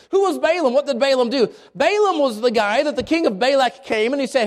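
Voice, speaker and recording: Brief: male pastor, strikingly high voice, animated folksy sermon storytelling. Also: a little fast, hardly any pauses. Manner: animated, folksy, many restarts.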